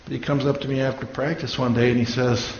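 A man's voice: mid-range voice, flat delivery, fast. Man, pastor preaching, storytelling sermon, echoey room, dull lo-fi sound, faint hiss. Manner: storytelling, acts out quoted voices.

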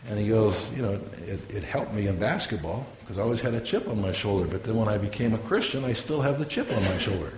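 A pastor on the low side of pitch, slightly mellow, preaches fast with lively intonation and hardly any pauses. He tells stories and acts out quoted voices; the audio is dull and lo-fi, with room echo and faint hiss.

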